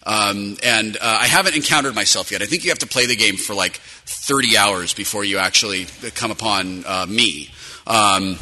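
A man who works as a voice actor, telling a rambling, animated, self-mocking story about his work. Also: lowish voice, moderate pace. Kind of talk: anecdotal storytelling.

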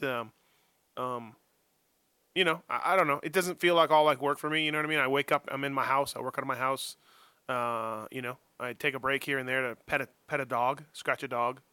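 A motocross journalist guests on a podcast from his home office, talking casually and rambling with plenty of fillers and restarts while joking at his own expense. His medium-pitched voice is pushed, bright, clear, and resonant, with no room sound.

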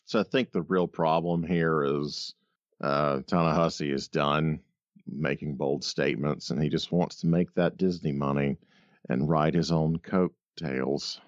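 A man with a very deep voice in casual podcast chat, wry and deadpan, who curses offhandedly and slips in puns. The recording is a bit dull and lo-fi, dry and close with no room sound. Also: measured pace, no room sound. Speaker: podcast co-host.

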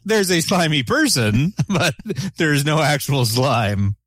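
Male co-host, lively pitch, unhurried, deadpan jokes. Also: dry recording, studio quality. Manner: wry, joking asides. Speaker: podcast co-host. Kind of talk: casual live show chat.

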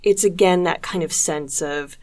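A woman's voice: fairly low pitch, normal speed, darkish tone. A woman co-hosting a casual film discussion, talking analytically and citing critics and theory. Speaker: podcast co-host.

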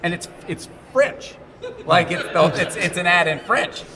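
A middle-aged man from Montreal, an actor being interviewed at a convention, who talks in casual animated stories, restarts his sentences and acts out the quotes. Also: high voice, a little slow, a crowd in the background. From Montreal, Canada. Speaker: actor guest. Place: convention hall.

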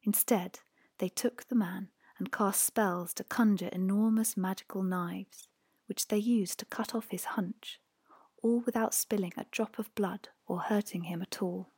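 A woman narrating a fairy tale in a hushed voice that often drops to a whisper. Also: mid-range voice, steady tone, unhurried, breathy edge, dry recording. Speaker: audiobook narrator. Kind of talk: storybook narration.

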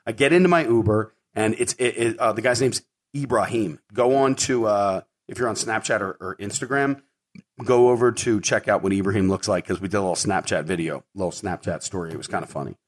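A middle-aged man with a fairly low voice hosts his own show and tells a story in a loose, rambling way. He fills his talk with ums and repeated words. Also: a little fast. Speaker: podcast host. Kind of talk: casual storytelling monologue.

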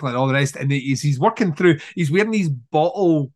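A man's voice: on the high side, lively intonation, a little fast. A man chatting casually about a film, retelling scenes with lots of energy, acting out bits, swearing and laughing often. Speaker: podcast co-host.

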